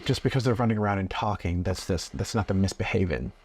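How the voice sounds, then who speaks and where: A man being interviewed, answering in a calm and earnest way. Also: sits low, quick pace, a little hiss or hum. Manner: calm, earnest, acts out parent-child dialogue. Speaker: guest. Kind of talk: casual interview.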